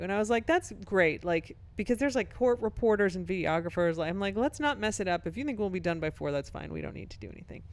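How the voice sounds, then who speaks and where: Smooth-voiced woman telling a story. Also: medium pitch, animated. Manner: brisk anecdotal telling, laughs while talking. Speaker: podcast co-host; professor and author. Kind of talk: casual chat, storytelling.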